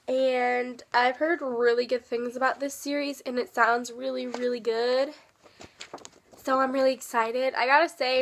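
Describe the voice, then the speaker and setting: A young woman chatting about her new books in a bubbly, self-deprecating way. She is sick and often drops into a soft whisper. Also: high voice. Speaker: book vlogger. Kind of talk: casual book haul chat.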